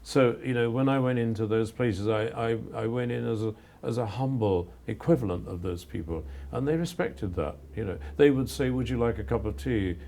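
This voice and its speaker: Older male photographer from England, gravelly and mellow, earnest and reflective. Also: medium pitch. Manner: earnest, measured, with frequent restarts. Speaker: photographer guest. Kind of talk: reflective interview answers.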